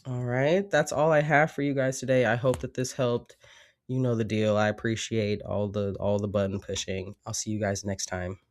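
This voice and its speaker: A man's voice: on the low side, fairly even intonation, normal speed. A man with a congested cold voice, giving a casual, rambling tarot reading with many fillers. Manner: rambling, reflective, with frequent fillers. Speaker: tarot reader.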